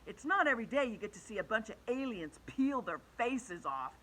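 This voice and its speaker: Lively, bright-voiced woman reading a story. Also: on the high side, fairly quick, rough recording. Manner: animated, changes voice for characters. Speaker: children's book reader. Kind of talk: storybook read-aloud.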